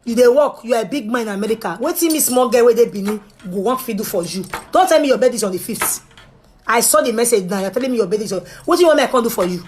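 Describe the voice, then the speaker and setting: A young woman with a Nigerian Pidgin English accent, chatting straight to her viewers in a pleading, animated way that drops to a hush and rises loud. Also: a little high, racing, slight background noise. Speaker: vlogger. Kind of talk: casual direct-to-camera talk.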